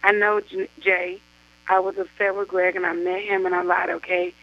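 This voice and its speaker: A woman's voice: on the low side, big pitch swings, normal speed, gravelly. A woman reading as a guilty pleading young woman. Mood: ashamed. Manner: pleading, remorseful. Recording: dull lo-fi radio sound.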